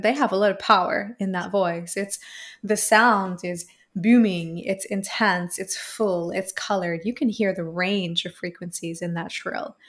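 A woman speaking as a guest in an interview, earnest and flowing, often repeating a phrase for emphasis as she explains. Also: mid-range voice. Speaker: voice coach guest. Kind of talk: reflective interview answer.

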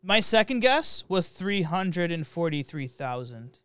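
A man's voice: on the high side, big pitch swings, unhurried, fairly bright tone, clean tone, no room sound. A man co-hosting a casual gaming chat, rambling and joking with frequent laughter and fillers. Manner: jokey, laughs often, rambling with many fillers.

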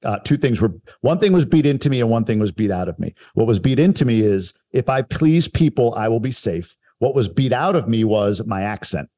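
A man from Long Island talks about his childhood in a relaxed podcast chat. His tone is reflective and self-deprecating. His voice sits at a middle pitch. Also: a little fast, few pauses. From Long Island, New York. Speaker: guest telling his life story. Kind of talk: casual podcast conversation.

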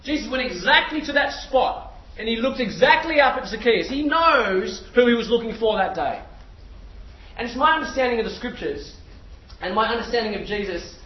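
A man preaching a sermon to a crowd in a large hall, telling the story with animation and checking in with his listeners through questions. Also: very high-pitched. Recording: echoey hall, distant mic, dull sound, faint noise.

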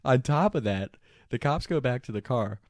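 A young man telling a story casually, animated and profane, often laughing mid-telling. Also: medium pitch, moderate pace, dry recording, clean studio sound.

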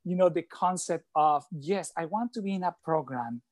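A man speaking as an interview guest and coach, explaining ideas earnestly with slightly halting phrasing. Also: fairly high pitch, a little mellow, no echo. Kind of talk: conversational interview talk.

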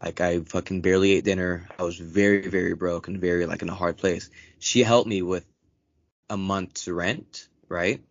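Low-voiced young man telling a profane story. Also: moderate pace. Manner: profane, animated, acts out quotes in raised voice. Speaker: podcast co-host. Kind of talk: casual storytelling chat. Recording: dull lo-fi dry recording.

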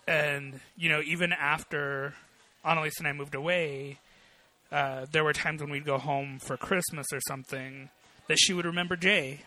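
Dude in casual chat, kinda high bright voice, earnest and reflective, lots of uhs. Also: male voice. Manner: earnest, reflective storytelling with hesitations.

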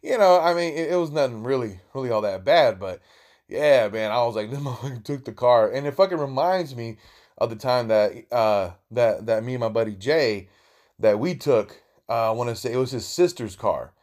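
A man's voice: mid-range voice, expressive, normal speed, a little mellow. Podcast host, man, swears constantly, rambles through stories in slang and restarts. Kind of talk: casual storytelling monologue.

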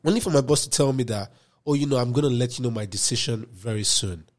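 Animated young man telling a story. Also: quick pace. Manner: animated, swings between loud outbursts and low muttered asides. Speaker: podcast guest. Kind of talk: casual storytelling chat.

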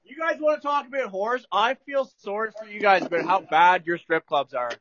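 A man's voice: sits high, a little fast, fairly bright tone, lo-fi sound. A man, a podcast guest in blunt, crude casual banter. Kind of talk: casual chat.

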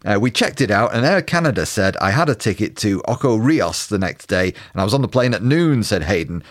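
A man co-hosting a music podcast, chatting and telling anecdotes in a conversational way. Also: fairly low pitch. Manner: conversational, storytelling, reading out quotes. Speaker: podcast co-host. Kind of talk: casual music chat.

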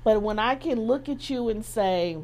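A woman's voice: on the high side, normal speed, darkish tone. A middle-aged woman telling a personal story as an interview guest, acting out the quoted voices and laughing as she goes.

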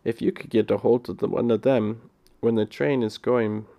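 A man's voice: mid-range voice, fairly even intonation, moderate pace, creaky, mellow, lightly acted. A man reading aloud, voicing a kindly, chatty railway porter who explains things in folksy, ungrammatical speech.

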